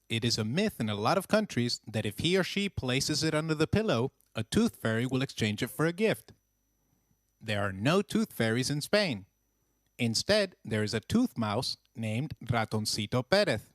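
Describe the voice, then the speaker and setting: In a clean studio recording with no echo, a man with a medium-pitched voice narrates a scripted language lesson. He keeps an even teaching tone and slows down to model phrases.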